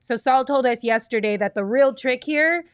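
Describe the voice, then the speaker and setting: A woman hosting a sports chat show who keeps things moving with a brisk, upbeat delivery. Her voice is a little higher than most. It is recorded close and dry. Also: clear, resonant tone, no room sound. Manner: upbeat, brisk, steers the conversation. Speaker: show host. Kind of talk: casual sports chat and ad read.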